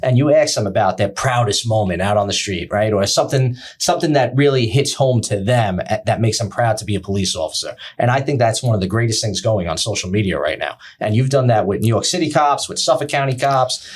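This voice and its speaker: A man co-hosting a podcast in easy, casual conversation. His voice is husky and slightly rough, and he speaks in a friendly, affirming way. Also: mid-range voice, expressive, fairly quick, hardly any pauses. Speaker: podcast co-host. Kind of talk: casual chat.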